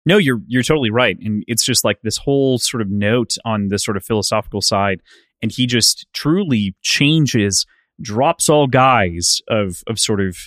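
A man's voice: lowish voice, no room sound, studio quality. A man co-hosting a casual book discussion podcast, recapping scenes thoughtfully with a lot of "like" and "sort of". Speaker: podcast co-host.

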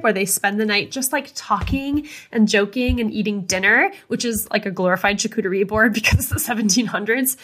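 A woman's voice: medium pitch, fairly bright tone. Young woman gushing about books on a podcast, lots of likes, middling voice. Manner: earnest and gushing, lots of "like" and restarts. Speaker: podcast book club host. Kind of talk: casual chat.

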